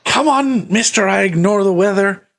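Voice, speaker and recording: A man voicing an excitable, swearing man who grumbles his way through everything. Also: high voice, normal speed, gravelly, pitched above the performer's own voice. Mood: exasperated. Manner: swears a lot, exasperated, excitable. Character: jittery foul-mouthed man, grumbling guide.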